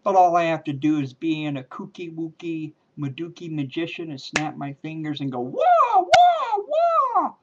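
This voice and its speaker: A man's voice: a little high, steady tone, heavy background noise. A man performing a card trick on camera, talking casually and playfully, joking as he goes, on a dull, lo-fi home video. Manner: playful, jokey, drawn-out emphatic words. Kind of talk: casual talk to camera while doing a card routine.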